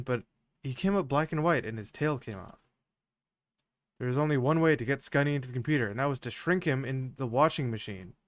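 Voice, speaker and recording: A young man live-streaming an old game, reading its story text aloud with dry asides, laughing easily and getting loud and excited over the gameplay. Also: on the high side, no room sound. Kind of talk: live-stream let's play commentary.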